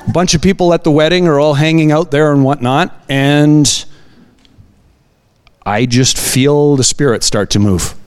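A man telling testimony stories at a church service, animated, acting out the dialogue as he goes. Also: on the high side. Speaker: guest sharing testimonies.

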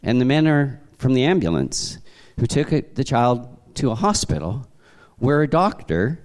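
Man from Canada, pastor, conversational sermon, animated storytelling, mid-pitched voice. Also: normal speed.

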